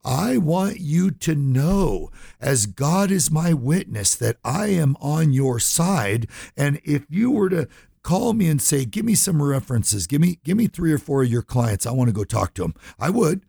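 Gravelly, impassioned radio host man. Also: a little high, big pitch swings, measured pace, warm tone, no echo. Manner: earnest, impassioned, repetitive restarts. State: choked up, near tears. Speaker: radio talk show host. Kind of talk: emotional radio talk, addressing listeners.

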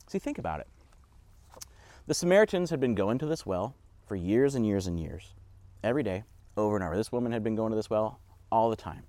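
A man's voice: on the low side, brisk, pauses often. Chatty guy teaching a bible story, voice goes up and down a lot, no room echo. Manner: conversational, animated, uses casual asides. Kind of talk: casual Bible teaching podcast.

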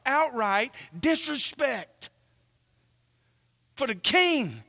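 A man preaching a sermon, slow and earnest, asking the congregation questions as he reads from scripture. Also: very high voice, very animated, sharp tone, in a large hall.

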